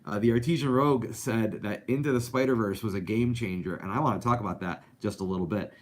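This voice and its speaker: A man's voice: fairly low pitch, fast talker. A man hosting a live animation talk show, chatting casually and reading out viewer comments with lots of fillers. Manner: chatty, upbeat, rambling with many fillers.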